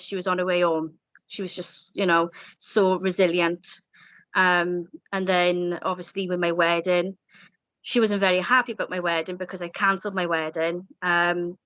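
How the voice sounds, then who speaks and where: A woman in her thirties from Wales, speaking softly in an interview about a loss, with many fillers and an emotional tone. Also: fairly low pitch, dry recording. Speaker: bereaved interviewee. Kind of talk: personal interview, recalling a loss. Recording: dull lo-fi sound, dry.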